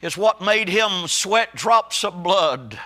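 High, bright-voiced preacher. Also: male voice, expressive. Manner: swings from low and slow to high shouted cries; addresses listeners as brother and sister, my friend. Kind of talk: impassioned sermon.

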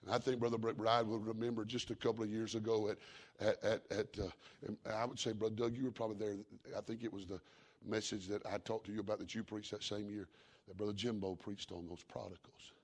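Gravelly-voiced preacher man. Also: lowish voice, level tone, fast. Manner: builds from quiet storytelling to fervent shouted preaching; folksy, repetitive preaching cadence with call-outs of amen. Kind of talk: sermon.

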